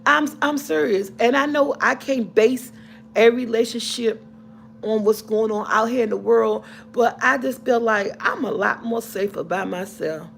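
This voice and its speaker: A woman's voice: a little high, a little slow, vocal fry, slight background noise. A middle-aged woman vlogger telling a personal story to camera in a casual, heartfelt, rambling way, often restarting and repeating herself.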